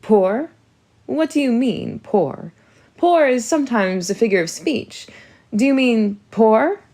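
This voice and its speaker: A woman's voice: medium pitch, animated, a little slow, a little mellow. A woman reading an audiobook, voicing a fretful new stepmother with a pouty, whiny manner. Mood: alarmed. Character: bumbling, fretful new stepmother who pouts and wails.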